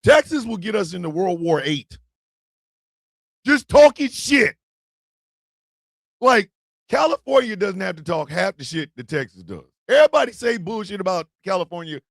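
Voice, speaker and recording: A man hosting a comedy show, ranting in a profane, animated way with yelled bursts. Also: high voice, moderate pace, vocal fry, pauses often, dry recording, studio quality. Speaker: host. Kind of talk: comedic rant commentary.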